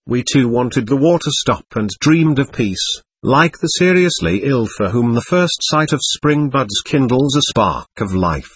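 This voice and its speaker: A man reading a war memoir aloud as an audiobook narrator, in a measured, solemn delivery. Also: medium pitch, slightly rough, dry recording.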